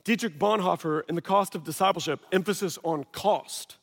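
A man's voice: sits high, normal speed, gravelly. A male pastor preaching a sermon in a church, in a passionate, conversational way with lots of casual fillers. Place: church sanctuary. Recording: reverberant hall sound.

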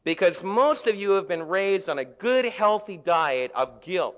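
High-voiced middle-aged pastor preaching. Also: male voice, animated, unhurried, hardly any pauses. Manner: conversational, swings from hushed to loud. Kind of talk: sermon. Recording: long echo of a large hall.

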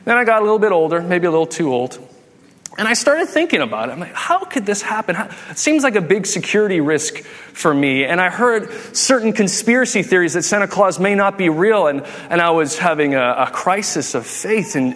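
A man in his thirties preaching a humorous sermon, telling jokey stories and acting out quotes. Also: sits high. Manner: animated, jokey, acts out quotes. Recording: long hall reverb.

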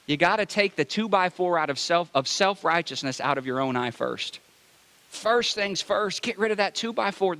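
A man preaching a sermon to a congregation, animated and conversational, asking the crowd questions and mixing humor into his teaching. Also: high-pitched, long reverb tail. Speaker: pastor.

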